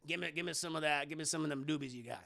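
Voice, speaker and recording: A man voicing a tired, lazy older man who drawls and wheedles in a low voice. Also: rapid-fire, creaky, bright, forceful tone. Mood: wheedling.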